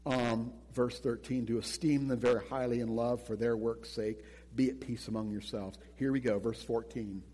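A man's voice: mid-range voice, normal speed, few pauses, breathy edge. Preaching man in an echoing hall. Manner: animated preaching with acted-out quotes, many repeated words. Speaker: pastor. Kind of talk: sermon.

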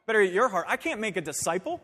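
High-voiced preaching man in reverberant hall. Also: very animated, rapid-fire, bright, forceful tone. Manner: emphatic preaching, conversational asides. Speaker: pastor. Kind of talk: sermon. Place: church sanctuary.

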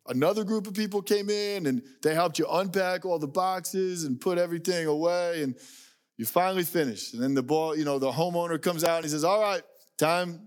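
Storytelling male preacher, fairly high voice. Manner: storytelling, acts out quoted voices, drops low and quiet for emphasis. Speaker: pastor. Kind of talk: sermon.

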